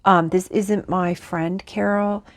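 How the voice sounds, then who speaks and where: A woman with a slightly low voice talks through a spiritual channeling session. Her delivery is halting and rambling, full of restarts. She keeps breaking off to answer unseen spirits. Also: fairly even intonation. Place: lives in Canada.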